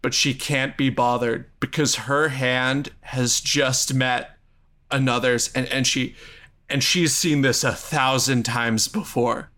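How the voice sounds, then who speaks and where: A man's voice: medium pitch, fairly even intonation, slow pace, pushed and bright. A man improvising a comedic story in a playful way, laughing often.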